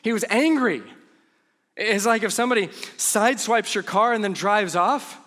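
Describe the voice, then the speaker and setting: A man preaching a conversational sermon as pastor, telling the story with humorous asides and dropping to hushed tones for emphasis. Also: high-pitched, moderate pace.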